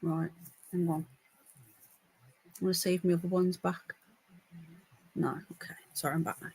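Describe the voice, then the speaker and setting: A woman reads the news on a live podcast from her home, seated by a window and using a laptop microphone, drifting easily off topic in relaxed, meandering chatter. Her voice sits on the low side, darkish and slightly rough, with fairly even intonation and a moderate pace.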